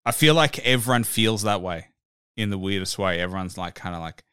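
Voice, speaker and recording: Smooth-voiced easygoing male host. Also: fairly low pitch, fairly quick, sharp tone, no echo, studio quality. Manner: easygoing, agreeable, many short yeahs. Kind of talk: casual interview chat.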